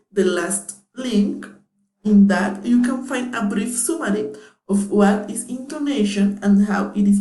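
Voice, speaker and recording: Slow, mellow woman reading a lesson. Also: medium pitch. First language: Spanish. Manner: careful, read-aloud delivery. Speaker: student teacher presenting a lesson. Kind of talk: scripted narration. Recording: echoey room.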